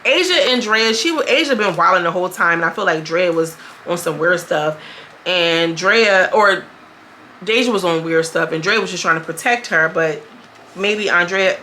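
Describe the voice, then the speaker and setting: A young woman reviewing a reality TV episode in casual, blunt, profane commentary, switching between storytelling and quick quoted voices. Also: on the low side, sharp tone, slight background noise.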